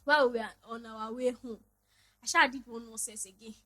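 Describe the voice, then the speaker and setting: A young woman with a Nigerian English accent, hosting a podcast and telling a personal story in an animated, dramatic way. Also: fairly high pitch, fairly quick, rough recording. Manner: animated, dramatic, laughing retelling. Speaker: podcast host. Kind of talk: casual storytelling monologue.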